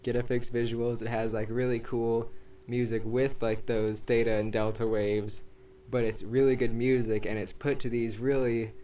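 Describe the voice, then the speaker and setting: A man co-hosting a casual chat show, talking in a relaxed, rambling way full of "like" and "uh". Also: mid-range voice, moderate pace, rough recording. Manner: relaxed, rambling, uses "like" and "uh" a lot. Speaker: co-host. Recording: faint background noise.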